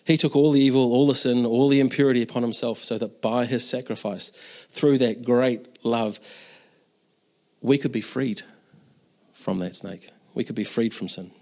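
A man's voice: medium pitch, moderate pace, darkish tone. Earnest conversational male preacher. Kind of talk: Easter sermon.

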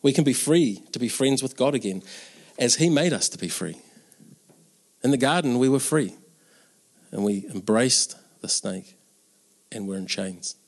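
A man's voice: medium pitch, lively intonation, a little slow. A man preaching an Easter sermon in an earnest, conversational way, with casual asides.

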